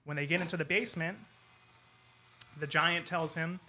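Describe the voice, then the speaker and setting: A man, an English professor, telling a folk tale in casual conversation over wine, animated and quoting the characters. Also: a little high, normal speed, a little hiss or hum. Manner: animated retelling with quoted character lines. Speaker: podcast guest, English professor.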